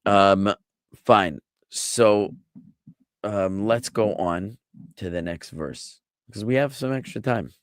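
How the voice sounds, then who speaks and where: A man's voice: lowish voice, slow pace, no room sound, studio quality. An American man, a rabbi, teaching a live online Bible class, explaining patiently and answering questions from the chat. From United States.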